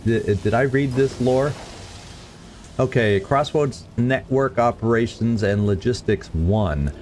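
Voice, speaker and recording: A man's voice: lowish voice, darkish tone, a little hiss or hum. A man streaming a game, chatting casually and stumbling over tricky words as he reads lore. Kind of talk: let's play commentary.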